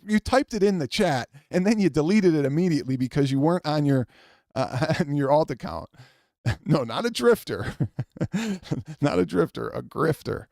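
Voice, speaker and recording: A man's voice: medium pitch, darkish tone, no room sound, studio quality. A man hosting his own channel, telling a story in a rambling, repetitive way that grows heated and incredulous. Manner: rambling, repeats words, gets heated and incredulous. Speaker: channel host. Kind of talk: casual storytelling rant.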